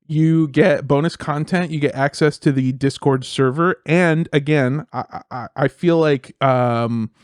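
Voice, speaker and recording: A man's voice: a little high, a little mellow, no echo, studio quality. A young man co-hosting a podcast, chatting casually with crude jokes and lots of swearing. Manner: crude, jokey, swears often. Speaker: podcast co-host. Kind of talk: casual comedic podcast chat.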